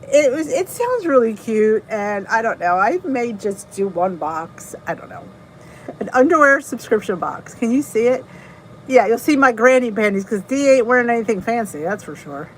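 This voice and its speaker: A woman's voice: fairly high pitch, expressive, moderate pace, slight background noise, poor audio. A middle-aged woman with a New Jersey accent, hosting a casual live stream, chatting, greeting viewers and laughing at herself. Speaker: channel host reading live chat.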